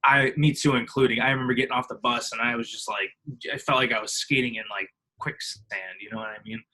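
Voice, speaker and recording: On a low-quality recording, a young Illinois man in his twenties speaks at a quick pace in a mid-range voice. As a podcast guest he spins casual, lively stories, imitating others, laughing a lot and filling his speech with fillers.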